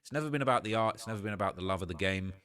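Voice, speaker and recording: A man's voice: fairly low pitch, racing, a bit bright, clean tone. Slangy man riffing on rap news. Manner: slangy, opinionated, keeps saying "all right?". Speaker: host. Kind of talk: casual reaction commentary.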